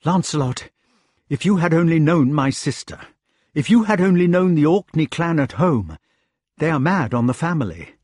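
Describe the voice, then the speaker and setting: An anguished old king, as a male narrator voices him, speaks in urgent, pleading bursts. The voice sits high and loud, husky and close with no room around it. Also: expressive, moderate pace, no echo. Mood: agitated. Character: anguished aging male king, agitated and remorseful.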